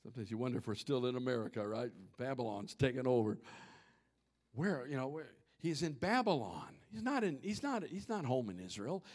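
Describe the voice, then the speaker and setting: A middle-aged man preaching a sermon, dropping to hushed near-whispers and rising to shouts. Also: mid-range voice, very animated, brisk. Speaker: pastor.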